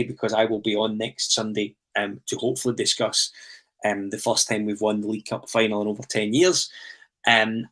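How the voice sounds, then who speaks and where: Guy hosting a footy podcast, lowish bright voice, lots of ums. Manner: hesitant, restarts and "um" while framing questions. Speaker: podcast host. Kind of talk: casual football podcast chat.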